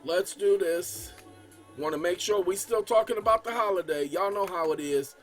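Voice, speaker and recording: Emphatic high-voiced man lecturing viewers. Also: moderate pace, faint music behind. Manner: emphatic, repetitive, stammers and restarts; addresses viewers as y'all. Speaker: channel host. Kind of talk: casual explainer while editing a document.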